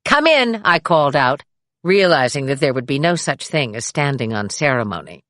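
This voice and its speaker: Woman, low voice, audiobook memoir narration, measured reading, dry close studio sound. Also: expressive, no echo. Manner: measured, acts out dialogue with raised voice.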